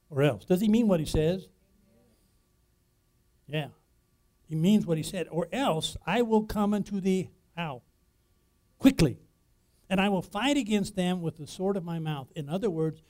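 Emphatic preacher with a mellow voice. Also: male voice, fairly high pitch. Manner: emphatic preaching with rhetorical questions to the congregation; swings between loud declarations and quiet asides. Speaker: pastor. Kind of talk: sermon.

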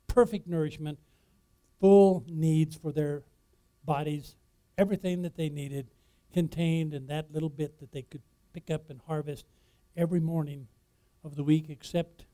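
Preaching emphatically, this pastor's voice is a little high as he puts rhetorical questions to the congregation and shifts between loud declarations and hushed asides.

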